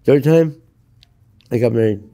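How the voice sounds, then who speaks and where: In Los Angeles, a middle-aged American man gives a candid, profanity-laden interview about his story, bluntly stating things as plain facts. His very dark, mellow voice stays at an ordinary middle pitch, delivered flatly and unhurriedly with vocal fry.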